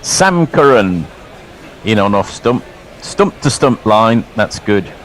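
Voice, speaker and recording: Low-voiced male cricket commentator. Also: slow pace, rough recording. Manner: lively, chuckling, hands over to co-hosts. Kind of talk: ball-by-ball commentary.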